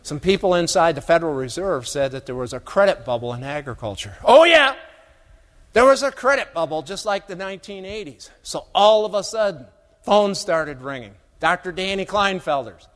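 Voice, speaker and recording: Before a live crowd, a man gives a keynote on agricultural economics in a joking, down-home style, full of tales and asides. His voice is high and a bit bright, heard with long hall reverb.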